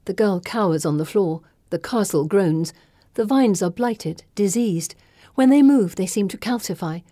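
A woman giving measured first-person audiobook narration. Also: medium pitch, animated, warm tone, no room sound, clean studio sound.

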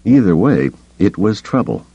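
A man reading an audiobook as its narrator in measured, scripted storytelling. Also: on the low side, sing-song, warm tone, husky, no echo, highs cut off.

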